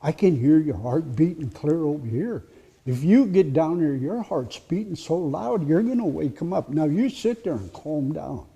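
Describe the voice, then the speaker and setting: Brief: watchful old raider, low and instructive, very dark tone, voiced by a man telling the story. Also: lively intonation, moderate pace, vocal fry, breathy edge, full character voice. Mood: stern. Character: calm, watchful older male horse raider.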